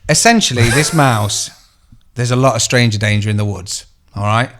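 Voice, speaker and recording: A man's voice: medium pitch, normal speed, background noise. A man co-hosting a podcast, chatting casually with crude jokes and laughter. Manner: crude, joking, animated. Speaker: podcast co-host. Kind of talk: casual chat.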